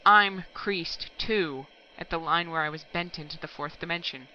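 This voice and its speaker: A woman reading aloud voices an angry, pompous male laboratory chief who shouts heatedly in bursts. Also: low-pitched, normal speed, lo-fi sound. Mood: furious.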